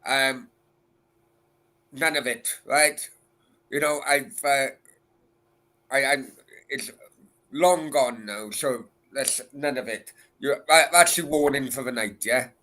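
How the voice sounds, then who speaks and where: Bright-voiced chatty male host. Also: medium pitch, takes it slowly, long pauses. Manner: chatty, warns bluntly, stumbles over his words. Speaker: football stream host. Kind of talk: casual chat.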